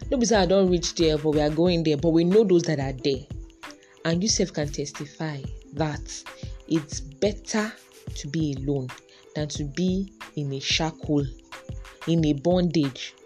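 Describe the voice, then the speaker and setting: A woman's voice: low voice, measured pace, a little mellow, soft background music. A woman with a Nigerian accent hosting a casual podcast monologue, chatty and musing aloud, dropping in Yoruba and pidgin words. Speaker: podcast host.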